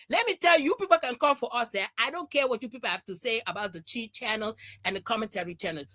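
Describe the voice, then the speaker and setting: A woman's voice: a little high, brisk, no room sound, studio quality. A woman doing a casual, mocking commentary rant. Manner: mocking, animated, fake crying and singing impressions. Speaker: commentary streamer.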